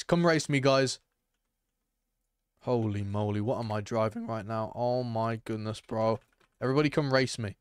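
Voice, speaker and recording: A young man chatting excitedly to his viewers as he streams a game, reacting loudly and calling out to chat. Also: mid-range voice, smooth, no room sound, studio quality. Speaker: gaming streamer. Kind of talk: live gameplay commentary.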